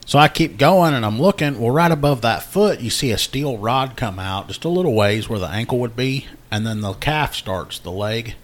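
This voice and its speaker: A man co-hosting a podcast tells a story in a casual, animated way, acting out the voices of the people in it. He speaks in a mid-range voice at a moderate pace.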